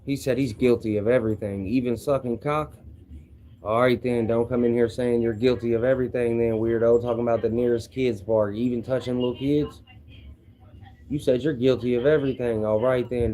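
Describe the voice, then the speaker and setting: A man's voice: mid-range voice, fairly even intonation, fairly quick, mellow. A young man from Louisville with a Kentucky accent, talking brashly and profanely on a livestream as he answers viewers' comments. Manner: brash, profane trash talk. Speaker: streamer.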